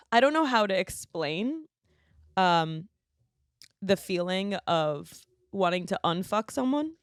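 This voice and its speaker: A woman's voice: mid-range voice, big pitch swings, slow pace, pauses often, no room sound, studio quality. A woman on a podcast as a guest comedian, telling a frank, bawdy story in casual chat.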